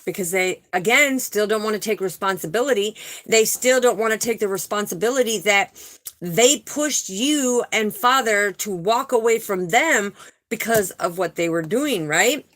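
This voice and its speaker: A woman's voice: medium pitch, normal speed, a bit bright. A middle-aged woman giving a live spiritual card reading, talking emphatically in a preacher-like cadence and often checking in with "okay?" and "right?". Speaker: spiritual tarot reader.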